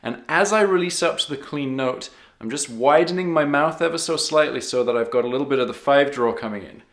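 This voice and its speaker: Man, harmonica teacher, patient, counts beats, echoey room, middle pitch. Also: brisk, a little hiss or hum. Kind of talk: step-by-step music lesson.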